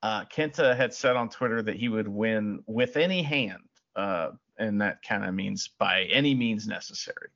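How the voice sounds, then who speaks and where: Bright, easygoing podcast man. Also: on the low side, normal speed, dull audio. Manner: laid-back, laughing, hedges with "you know". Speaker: podcast co-host. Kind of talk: casual podcast chat.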